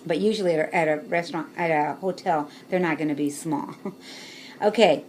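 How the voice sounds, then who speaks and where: A woman's voice: on the low side, measured pace, slight background noise. A woman chatting casually to her camera as a vlogger, showing things with bowls and laughing often.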